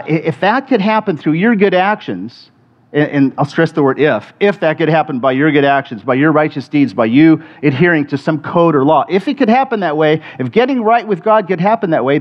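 A middle-aged man preaching a sermon in a conversational way, often restarting and repeating words. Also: a little high. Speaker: pastor. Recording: muffled lo-fi sermon recording.

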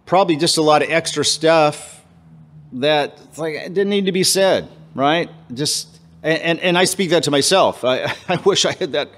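Man preaching a casual, halting sermon. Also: a bit bright. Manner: casual, halting, with many restarts and fillers; acts out quoted voices with jumps in pitch. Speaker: pastor. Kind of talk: conversational sermon.

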